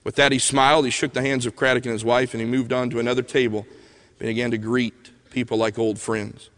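A man's voice: medium pitch, little pitch movement, brisk. A man preaching a sermon, telling stories in an earnest way. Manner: earnest, storytelling, soft pleading prayer passages. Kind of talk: sermon with storytelling. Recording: long hall reverb.

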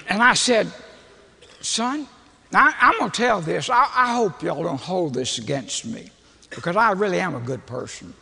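An older man, preaching in a folksy, humorous storytelling way with a gravelly, husky voice. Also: high-pitched, animated, normal speed, sharp tone, slight background noise. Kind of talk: storytelling sermon. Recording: long hall reverb.

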